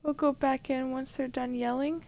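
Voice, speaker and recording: Woman reading as a soft-spoken teen club president. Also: high voice, little pitch movement, normal speed, vocal fry. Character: poised teen girl club president, gentle.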